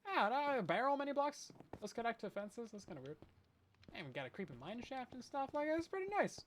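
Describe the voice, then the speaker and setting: A man's voice: extremely high pitch, sing-song, a little fast, a little hiss or hum. A man giving rambling, self-deprecating commentary while playing a survival game on a stream. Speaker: Minecraft streamer. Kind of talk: casual gameplay commentary.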